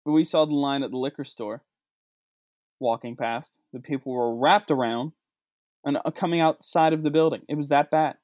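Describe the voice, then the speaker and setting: A man putting on a low, slow Texan drawl to voice a blunt male friend. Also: steady tone, a little mellow, no room sound, clean studio sound, natural voice. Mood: incredulous. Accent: Texan, put on.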